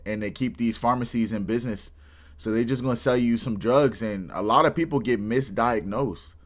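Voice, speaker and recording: A man's voice: mid-range voice, moderate pace. Casual slang-talking man reacting. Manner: casual, slang-heavy, rambling with restarts. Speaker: reaction video host.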